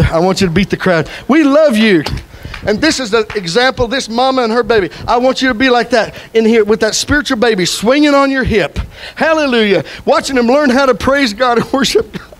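High-voiced older preacher. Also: male voice, poor audio. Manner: impassioned preaching that swings from loud to soft and tender. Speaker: pastor. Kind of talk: sermon. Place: church sanctuary.

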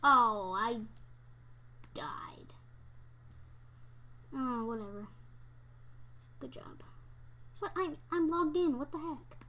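A young woman commenting on her own game play, excitable, yelping and squealing at times, then dropping to whispers. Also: high-pitched, normal speed, few pauses, slight background noise. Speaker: gamer.

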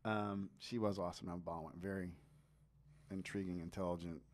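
A man with a New Jersey accent hosting a casual podcast interview, relaxed and quick to laugh. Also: low-pitched. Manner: laid-back, laughs easily, slangy. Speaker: podcast host.

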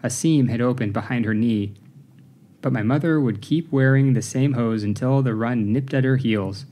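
A man reading an audiobook, narrating in a measured, even way. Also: medium pitch. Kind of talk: scripted narration.

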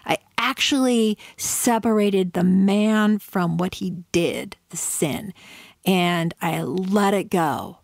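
A middle-aged woman hosting a faith-based podcast, giving earnest, conversational advice with reflective pauses. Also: medium pitch, vocal fry, dry recording, studio quality. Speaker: podcast host.

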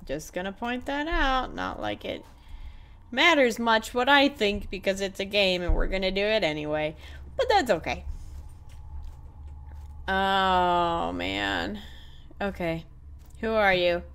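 A woman's voice: mid-range voice, big pitch swings, normal speed, a bit bright. A woman hosting a let's play, giving casual commentary with wry asides to viewers.

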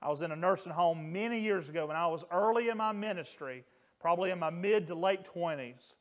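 Male pastor, middle-aged, higher voice, earnest sermon storyteller. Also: brisk. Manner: earnest, emphatic, raises voice on quoted screams.

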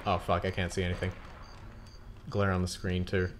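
A young Australian man hosts a let's play, rambling and swearing heavily through casual commentary on a video game and laughing at himself. His voice sits low and monotone at a normal speed, with slight background noise.

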